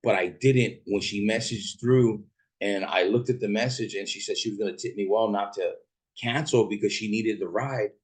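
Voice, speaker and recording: Man, lowish voice, rideshare driver, casual storytelling, rambling asides, swears a lot. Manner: rambling and profane, quick asides.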